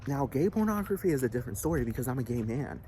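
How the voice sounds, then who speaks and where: A man's voice: mid-range voice, big pitch swings, rapid-fire, warm tone, slight background noise. A man delivering a heated, profane rant, repeating himself and asking again and again if the listener understands. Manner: agitated, repetitive, profane, keeps asking "do you understand". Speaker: vlogger.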